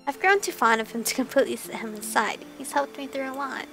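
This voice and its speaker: High, gravelly young woman reading a game aloud. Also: animated, fast, hardly any pauses, bright, forceful tone, soft background music. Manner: reads story aloud, breaks off for gushing asides. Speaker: gamer reading a visual novel. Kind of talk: let's play narration with reactions.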